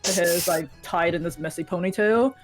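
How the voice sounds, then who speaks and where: A woman's voice: lowish voice, fairly quick, over music. A woman narrating as game master in a casual, filler-heavy way.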